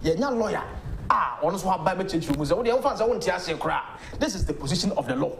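A man's voice: sits high, animated, fast talker, vocal fry, slight background noise. A man with a Ghanaian accent, a lawyer arguing his points emphatically as a guest on a political talk show. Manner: emphatic, argumentative. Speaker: legal practitioner guest.

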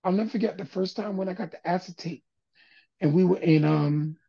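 Gravelly older man telling stories. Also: high-pitched, fairly quick, dull audio. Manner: animated storyteller, acts out quoted voices. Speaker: guest, music producer and DJ. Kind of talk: casual storytelling interview.

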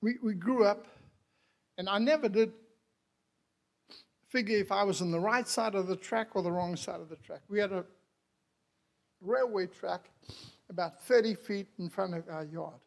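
A man preaching a sermon as a missionary. He talks to the congregation and calls out to them, moves from quiet lines to loud cries, and laughs often. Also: sits high, normal speed, vocal fry, long pauses.

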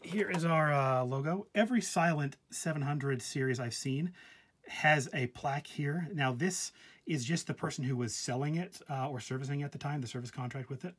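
A man's voice: a little high, moderate pace, slightly rough. Wry man showing off an old terminal. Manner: wry, joking asides with frequent fillers. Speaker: vintage computer hobbyist host. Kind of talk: casual show-and-tell vlog.

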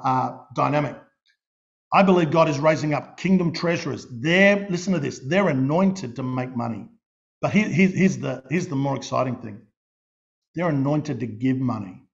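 A middle-aged Australian pastor delivers a sermon in a fairly high, gravelly voice. He tells stories with animated energy, often restarting and repeating his words mid-sentence. The recording sounds dull and lo-fi.

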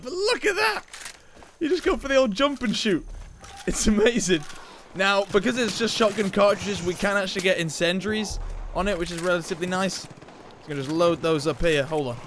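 A young man chatting excitedly through gameplay, joking and laughing at his own lines. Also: sits high, a little hiss or hum. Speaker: gaming YouTuber. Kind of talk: casual gameplay commentary.

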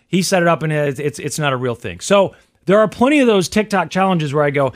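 A man's voice: on the high side, lively intonation, fairly quick. A man hosting a podcast in casual chat, rambling and laughing often. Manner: chatty, laughs often, trails off. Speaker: podcast host.

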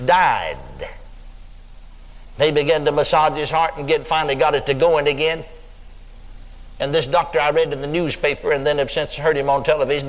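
A man's voice: on the high side, a bit bright. An older man preaching a sermon, telling stories in a folksy way and acting out the voices of the people he quotes. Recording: long hall reverb.

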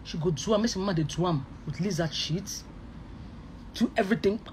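A speaker with a Nigerian accent, pouring out an emotional online rant in a voice of middling pitch. The talk is emphatic and full of repeated oaths, jumping between loud bursts and quiet murmurs. A faint noise sits under the recording. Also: brisk.

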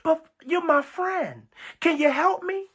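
A woman's voice: extremely high pitch, slow, fairly bright tone, voice pushed up, exaggerated voice. A woman preacher voicing a desperate sinner who begs God for help, stammering and pleading.

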